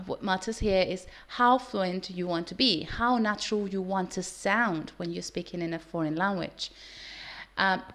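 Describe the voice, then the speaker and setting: A woman, not a native English speaker, teaching English in a casual, earnest vlog to her students. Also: mid-range voice. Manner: earnest, with some restarts.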